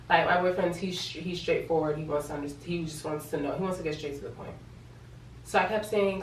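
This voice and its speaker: A pregnant young woman in a casual vlog, retelling her story in an animated, chatty way with lots of quoted dialogue. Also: fairly low pitch, fairly quick, echoey room, recorded from a distance, slight background noise, rough recording. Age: young adult. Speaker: vlogger.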